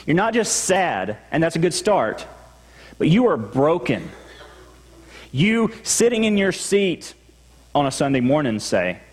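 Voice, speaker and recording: A man's voice: on the high side, very animated, a little slow, pauses often, husky. A man with a Texan accent, a pastor preaching a sermon in a church sanctuary in a conversational way, acting out his listeners' replies. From Texas. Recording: long hall reverb.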